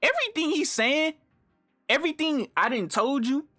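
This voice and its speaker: A man's voice: very high-pitched, normal speed, no room sound, faint music behind. Young man telling a story, dry mic. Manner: slangy, animated, lots of fillers and swearing. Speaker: storytime vlogger. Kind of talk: casual storytelling.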